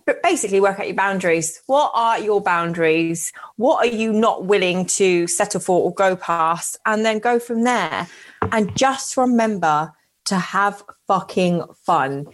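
A woman co-hosting a radio dating show, teasing bluntly and swearing as she gives advice. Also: medium pitch. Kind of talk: casual chat.

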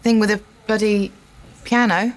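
A woman's voice: mid-range voice, fairly even intonation, measured pace. A woman co-hosting a casual radio chat show, chatty and often laughing as she tells stories. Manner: giggly, chatty storyteller. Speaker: radio co-host.

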